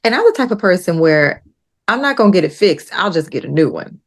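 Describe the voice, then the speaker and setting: A woman guest on a podcast, telling a story in casual chat and acting out the quotes with lively jumps in her voice. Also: on the low side, a little fast. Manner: animated retelling with acted-out quotes.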